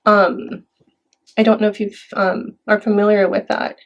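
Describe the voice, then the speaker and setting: A woman from Mexico, chatting casually and softly, with many fillers. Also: medium pitch, little pitch movement, measured pace, dull audio. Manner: soft-spoken, with fillers and Spanish phrases. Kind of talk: casual chat.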